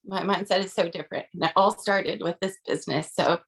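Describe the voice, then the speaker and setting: A woman's voice: on the low side, fairly even intonation, fairly quick, breathy edge. A woman on a video call sharing a personal testimony, earnest and emotional, with many "um"s and "like"s. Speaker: team member sharing a testimony.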